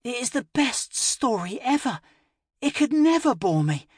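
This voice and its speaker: A man voicing a sleepy, sick little girl in an audiobook, pleading and tearful in a high, breaking child's voice. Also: sing-song, a little slow, breathy edge, no echo, clean studio sound, full character voice. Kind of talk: audiobook narration.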